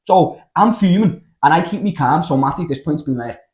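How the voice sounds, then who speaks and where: A young man with a Scouse accent, telling a story in casual podcast chat, animated and full of slang and swearing. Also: on the high side, quick pace. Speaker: podcast host.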